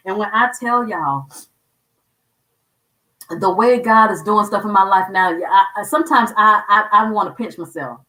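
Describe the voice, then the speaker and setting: A woman's voice: medium pitch, normal speed, pauses often, pushed and bright, echoey room, recorded from a distance, rough recording. A woman hosting a show, sharing her faith testimony in an earnest, emotional way and repeating words when moved. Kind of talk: personal testimony talk.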